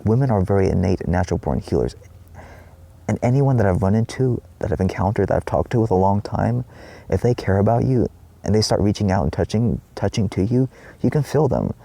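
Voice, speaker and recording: A man's voice: lowish voice, animated, a little fast, creaky, dark tone. A man giving a rambling spiritual monologue in his trailer, swearing often and acting out his own past cries. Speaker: spiritual vlogger.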